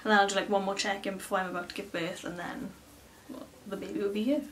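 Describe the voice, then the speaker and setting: A young woman, rambling excitedly in a casual story to camera, full of fillers. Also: medium pitch, quick pace, distant mic, slight background noise. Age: early 20s. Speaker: beauty vlogger.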